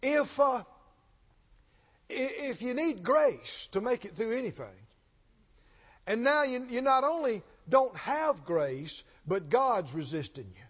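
A man's voice: extremely high pitch, very animated, slow, a bit bright. A man preaching a sermon in a church, emphatic and questioning, often repeating his lines. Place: church sanctuary. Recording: dull recording with long hall reverb.

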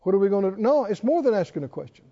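Male preacher, very high voice, lively swings in pitch, long hall reverb. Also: racing. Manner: animated, reads scripture and acts out quotes. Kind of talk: sermon. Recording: dull recording in a reverberant hall.

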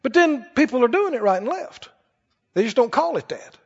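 A man preaching a sermon in an animated, conversational way to a church congregation. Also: very high-pitched, moderate pace, breathy edge. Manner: animated, conversational, acts out quoted voices. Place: church hall. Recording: dull recording with long hall reverb.

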